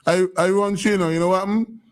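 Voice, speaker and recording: A man's voice: high-pitched, fairly even intonation, fast. A man hosting a call-in radio show, chatty and telling stories with repeated words. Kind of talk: casual call-in radio chat.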